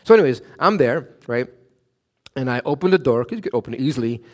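A middle-aged man from Canada delivers a sermon in a conversational, storytelling way. He acts out the characters' lines with a lifted voice and checks in with the listener with a frequent "right?". His voice sits in an ordinary middle range for a man. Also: quick pace. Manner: animated, acts out quotes with raised pitch, frequent "right?". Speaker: pastor.

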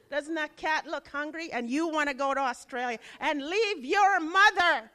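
A woman in her forties preaching a sermon, telling a personal story with dramatic swings from loud exclaiming to hushed lines. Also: high-pitched, expressive, normal speed, hardly any pauses.

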